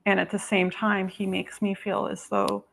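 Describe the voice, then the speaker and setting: A woman with a gravelly, fry-laced voice talks a client through a psychic reading over a video call. She speaks in halting bursts, filling every gap with "um" and "like". Her voice sits mid-pitch and comes across as informal rather than polished. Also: completely flat delivery. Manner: halting, full of "um" and "like". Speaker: psychic medium.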